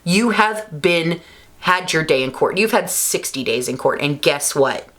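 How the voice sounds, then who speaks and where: A woman's voice: lively intonation, a little slow, a bit bright. Angry woman ranting to camera. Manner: angry, emphatic, swearing, rising pitch when worked up. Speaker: vlogger. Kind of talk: heated political rant to camera.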